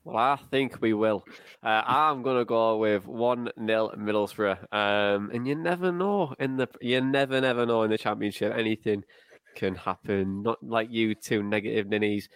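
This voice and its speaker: A man's voice: lowish voice, normal speed, clean tone, dry recording. A man hosting a football podcast, chatty and jokey, laughing easily as he steers the talk. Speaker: podcast host. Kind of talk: casual podcast chat.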